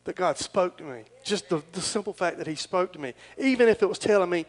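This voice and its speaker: A man's voice: sits high, animated, a little fast, rough recording. A middle-aged man, preaching a folksy, rambling and earnest sermon as pastor.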